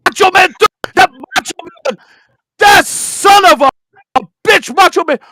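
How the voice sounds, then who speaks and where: A hollering old wrestling villain spits insults in broken English, voice pushed high and hard, as a man puts him on. The sound is close and dry, with no room around it. He rants without pause. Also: expressive, no room sound, full character voice. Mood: ranting. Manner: shouting, insult-spitting rant with broken English. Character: ranting old wrestling villain, male, accented, profane. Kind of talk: comedic impression on a podcast.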